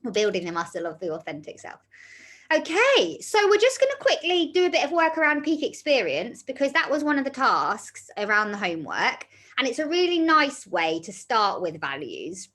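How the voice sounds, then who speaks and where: A woman's voice: on the high side, huge pitch swings, moderate pace, a bit bright. A woman guiding a wellbeing group in an easy, chatty way. She encourages and reassures, and fills her talk with little fillers as she goes. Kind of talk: leading an online group session.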